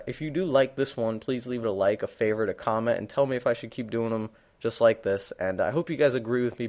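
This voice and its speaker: A man's voice: mid-range voice, darkish tone. A teenage boy doing unscripted gameplay commentary, rambling and blunt, with many fillers and restarts. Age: teens. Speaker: gaming commentator.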